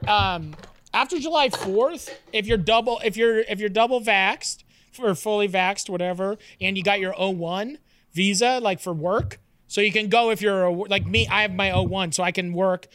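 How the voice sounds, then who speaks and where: A man's voice: high-pitched, moderate pace, fairly bright tone, smooth, dry recording. A man speaking as a guest in casual chat, rambling and correcting himself as he goes.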